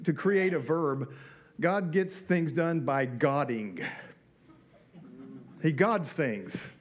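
A pastor with a slightly high, darkish voice preaches a sermon in a conversational way, often putting questions to his listeners.

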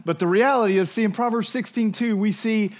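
A man's voice: high-pitched, brisk, darkish tone. A man preaching a sermon. He puts on voices for the people he quotes and keeps asking the listeners questions. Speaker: pastor.

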